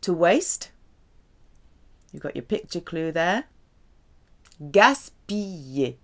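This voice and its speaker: Woman, French teacher, slow measured lesson delivery, very animated pitch. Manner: slow, careful, lively delivery with drawn-out French examples. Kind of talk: language lesson.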